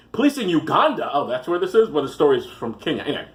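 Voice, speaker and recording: Man host, animated, slightly high voice, sarcastic comic news reader. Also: rapid-fire, hardly any pauses, a little hiss or hum. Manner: rambling, sarcastic asides. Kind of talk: reading news with comic commentary.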